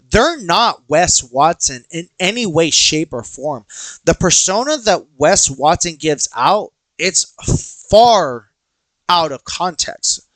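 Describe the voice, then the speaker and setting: A man's voice: on the high side, dry recording. A young man hosting a podcast, telling a personal story casually, acting out quoted voices and swearing freely. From Texas. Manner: animated, acts out quoted dialogue, swears freely. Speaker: podcast host.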